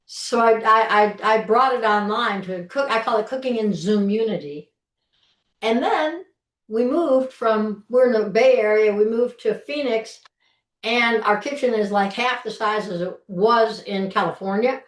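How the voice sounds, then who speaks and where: A middle-aged woman with a fairly high voice teaches an online cooking class from her home kitchen. She chats in a folksy way and keeps restarting her sentences mid-thought as she chops. The video call picks her up from across a roomy kitchen, so she sounds distant and echoey. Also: unhurried. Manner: chatty, folksy, restarts often while demonstrating. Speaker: cooking instructor. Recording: roomy kitchen, mic far off.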